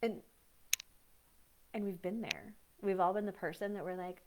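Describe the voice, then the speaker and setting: A woman breathwork coach talking on a live stream, chatty and animated, often acting out what other people say. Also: mid-range voice, moderate pace, a little hiss or hum. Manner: frequent fillers and restarts. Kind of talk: live-stream teaching talk.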